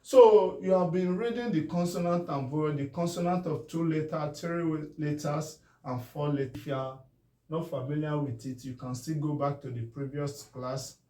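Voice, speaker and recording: A man with a Nigerian English accent teaches spelling, sounding words out slowly and often asking whether it is clear. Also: a little high, dark tone. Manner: drawn-out syllable-by-syllable pronunciation. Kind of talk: spelling lesson. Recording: echoey room from far off.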